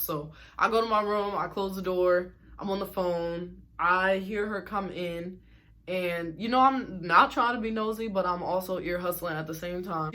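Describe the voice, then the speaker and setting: A woman's voice: lowish voice, bright, forceful tone. A young woman telling a storytime in a casual, slangy and sarcastic way, sounding exasperated. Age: young adult.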